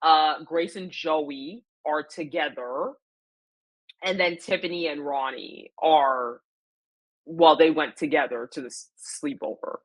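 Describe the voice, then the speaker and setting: Opinionated woman with a lowish voice. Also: takes it slowly. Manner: opinionated, emphatic, repeats her points; chatty, with frequent fillers and slang. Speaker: vlogger recapping a reality show. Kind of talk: casual chat.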